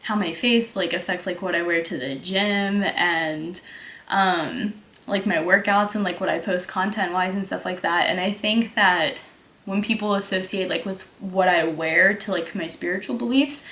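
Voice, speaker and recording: A woman's voice: fairly low pitch, fairly even intonation, normal speed, a bit bright, reverberant. A young woman from Texas with a mild Texas accent, chatting casually as she answers viewer questions, with lots of "like" fillers. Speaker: fitness vlogger. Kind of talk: casual Q&A vlog.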